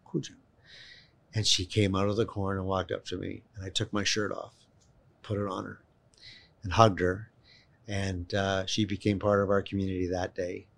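Male guest, low register, animated anecdotal storyteller. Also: normal speed, vocal fry. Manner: animated, emphatic storyteller with frequent restarts. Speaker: guest, children's home volunteer. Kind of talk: storytelling in conversation.

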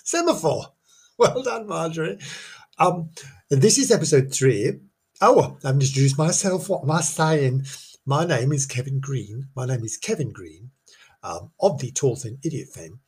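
A man with a slightly husky voice hosts a jokey ghost-story podcast. He rambles along with lively ups and downs in pitch, tripping over and repeating words as he mocks himself. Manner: chatty, self-mocking, stumbles and repeats words. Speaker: podcast host.

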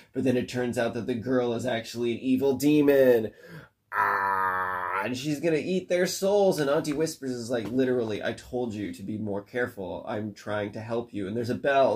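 A man casually retelling a cartoon plot in long run-on sentences, rambling and occasionally swearing. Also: mid-range voice. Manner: rambling, run-on, profane, breathless recap. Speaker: storyteller recapping a cartoon. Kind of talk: casual chat.

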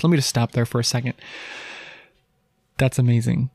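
A man's voice: mid-range voice, moderate pace, vocal fry, pauses often, warm tone, no echo. A man hosting a podcast, giving a casual Christian teaching talk in an earnest, emphatic way, with many rhetorical questions and restarts. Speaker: podcast host.

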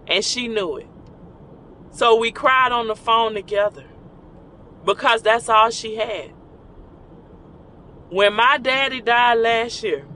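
A woman's voice: a little high, pushed and bright, a little hiss or hum. A middle-aged woman telling personal stories in a casual, conversational way, often repeating key lines for emphasis. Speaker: speaker sharing personal stories.

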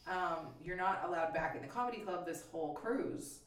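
A woman in casual chat as a podcast guest, an animated storyteller who giggles often and acts out people yelling at her. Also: lowish voice, brisk, recorded from a distance. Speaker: podcast guest, musical comedian. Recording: echoey room, a bit off mic.

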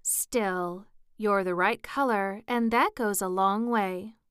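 Woman doing a stuck-up rose lecturing, smooth and dry voice. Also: mid-range voice, slow pace, fairly bright tone, no room sound. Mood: prim. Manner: prim and lecturing. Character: prim, severe female rose flower. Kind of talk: storybook character reading.

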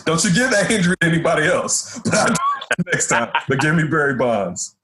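A man's voice: on the high side, very animated, fairly quick, noisy background. A man, hosting a sports radio show and interviewing a guest casually. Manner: laid-back, jokey. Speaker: radio host.

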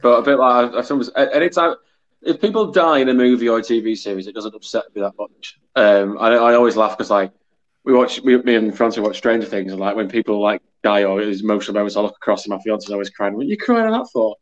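A man co-hosting a podcast over a phone, chatting in a quick, offhand, joking way. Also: fairly low pitch, steady tone. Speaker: podcast co-host. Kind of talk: casual chat. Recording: dull lo-fi phone audio.

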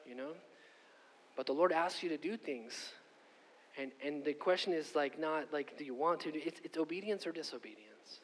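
A middle-aged man preaching a sermon and telling a personal story, conversational and animated, often asking "okay?". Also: fairly high pitch, normal speed. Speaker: pastor. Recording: long hall reverb.

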